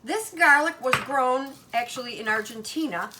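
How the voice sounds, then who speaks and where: A woman's voice: sits high, moderate pace, background noise. An older woman hosting a home cooking demonstration in her kitchen, talking in a chatty, folksy Italian-American grandmother way.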